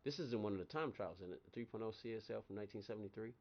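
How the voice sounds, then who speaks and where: Through lo-fi sound, a man with a lowish, racing voice hosts a game livestream, casually rambling between stories. He laughs frequently, and his voice shoots up whenever he's excited.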